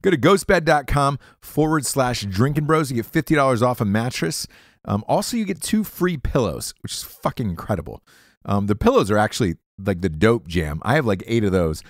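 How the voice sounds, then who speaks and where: A man's voice: medium pitch, sing-song, moderate pace, no room sound, clean studio sound. A man hosting a podcast, reading sponsor ads as crude, rambling comic riffs full of swearing. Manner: profane, rambling, jokey riffs. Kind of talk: crude comedic ad read.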